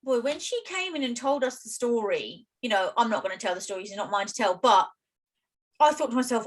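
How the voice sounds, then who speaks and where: A woman with a British accent, co-hosting a podcast and telling work stories in a chatty, expressive way. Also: fairly high pitch, quick pace, poor audio. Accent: British English. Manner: chatty, expressive, with many fillers and asides. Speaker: podcast co-host. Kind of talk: casual storytelling chat.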